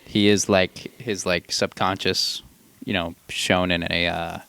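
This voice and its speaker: A man's voice: sits low, level tone, unhurried, creaky, sharp tone, a little hiss or hum. A man co-hosting a podcast, chiming in with agreement and short theories about a film. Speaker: podcast co-host. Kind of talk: casual movie review chat.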